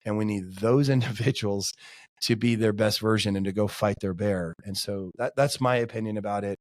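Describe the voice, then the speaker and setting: A man in his forties speaks as a podcast guest, his voice sitting a little low. He talks earnestly and from the heart, leaning on casual fillers as he goes. The sound is dry and close. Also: steady tone, moderate pace, dry recording. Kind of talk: casual interview chat.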